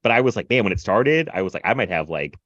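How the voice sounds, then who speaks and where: Guy rambling about a movie on a podcast, animated, lots of likes and laughs, kinda muffled dry sound. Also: on the low side, fast, no echo. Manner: animated, filler-heavy retelling with laughs and mimicry. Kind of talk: casual film review chat.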